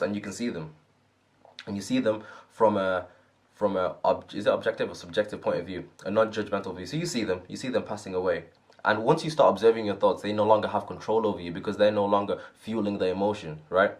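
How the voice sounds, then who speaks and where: A man's voice: on the low side, quick pace, darkish tone. A man giving an earnest, casual talk on self-help, often checking in with "right?".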